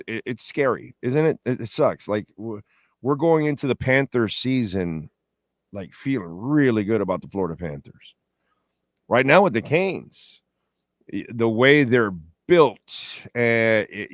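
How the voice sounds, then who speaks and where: Rambling die-hard fan talk-show host. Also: male voice, mid-range voice, no room sound. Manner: reads the chat board and talks to listeners. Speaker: sports radio show host. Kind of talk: casual pregame sports talk.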